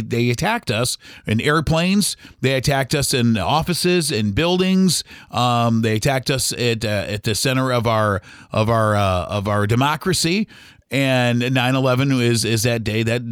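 A middle-aged man, a podcast host and former radio DJ, telling a story in a halting, rambling way with many restarts. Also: medium pitch, no echo, clean studio sound. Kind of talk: casual storytelling monologue.

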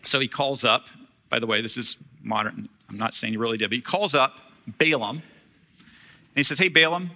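A man's voice: medium pitch, moderate pace, long pauses, bright, forceful tone. A man preaching a sermon as a pastor, retelling a scripture story in casual, humorous storytelling.

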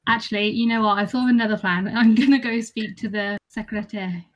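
A woman's voice: mid-range voice, fairly even intonation, fairly quick. A woman playing in a tabletop role-play game, talking casually and giggling between lines. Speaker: player.

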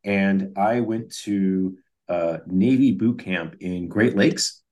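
Low-voiced man telling rambling stories. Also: takes it slowly, darkish tone. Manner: rambling storyteller with many restarts. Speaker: podcast co-host. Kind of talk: casual chat.

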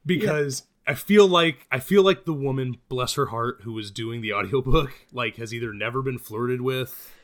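A man's voice: mid-range voice, normal speed. A man co-hosting a podcast, chatting casually and arguing playfully about books and movies. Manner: animated, joking, argumentative. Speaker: podcast co-host. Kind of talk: casual chat.

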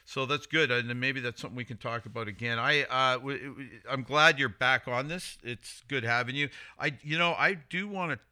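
A man's voice: mid-range voice, moderate pace, hardly any pauses, sharp tone. A man hosting a casual podcast conversation, talking as a coach in a rambling way with many restarts.

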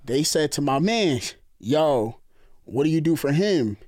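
A man from the New York area tells a rambling story in a relaxed podcast chat, his voice a little higher than most men's. He keeps slipping into the voices of the people in the story. The sound is close and dry, with almost no room in it. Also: a little slow, dry recording. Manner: animated, acts out other people's lines. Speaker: storyteller guest.

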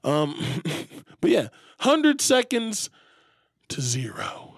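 A man's voice: fairly high pitch, wildly swooping pitch, drawn-out words, vocal fry, no room sound, clean studio sound. Crude, rambling guy on a podcast. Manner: crude, rambling, laughs often. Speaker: podcast co-host. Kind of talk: casual comedic chat.

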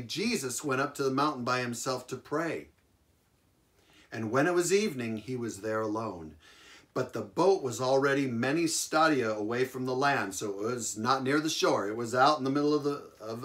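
A male preacher at a middle pitch tells a Bible story as part of a sermon. He delivers it in an animated way, repeats key phrases for emphasis and chuckles along the way.

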